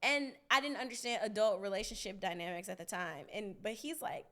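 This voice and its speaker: A young woman hosting a podcast, telling a story in a casual, animated, profane way, often laughing. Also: medium pitch, fairly quick. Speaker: podcast host.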